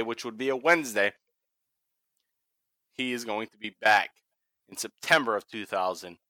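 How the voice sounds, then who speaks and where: Recorded with no room sound, a Boston-accented Massachusetts man hosts a casual wrestling podcast in a fairly low, pushed and bright voice. He laughs a lot and swears freely.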